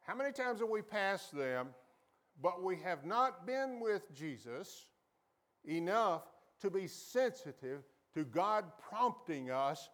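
A man preaching a sermon as a pastor, calling on the congregation to repeat after him and acting out quoted voices with sudden high jumps in pitch. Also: animated, slow pace.

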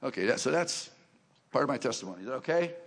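Gravelly man preaching in a reverberant church. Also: mid-range voice, fast talker. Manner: animated, joking storyteller who rises to loud emphasis. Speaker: guest preacher. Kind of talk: sermon with personal testimony. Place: church sanctuary. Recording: long reverb of a large church hall.

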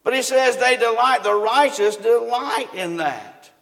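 A man's voice: extremely high pitch, animated, unhurried, gravelly, fairly bright tone. A man preaching a sermon in a folksy way, often asking his congregation questions. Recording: long hall reverb.

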